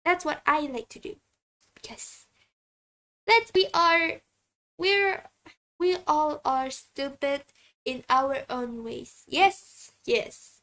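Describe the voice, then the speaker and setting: High, slow-talking woman. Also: a bit bright. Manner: halting, chatty. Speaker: streamer. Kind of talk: casual stream self-introduction.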